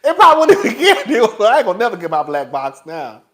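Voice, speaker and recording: A man's voice: sits high, fast. A man hosting a casual gossip commentary stream, laughing often and talking in a profane, sassy way. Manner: laughing, animated, profane, sassy, talks to the chat as "girl". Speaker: YouTube commentary host.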